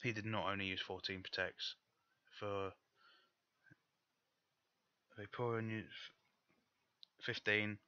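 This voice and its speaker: Swearing man, slow, bright. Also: lowish voice, flat delivery, dry recording, muffled recording. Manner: frustrated, swears a lot, angry outbursts. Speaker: gaming YouTuber. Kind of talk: live gameplay commentary.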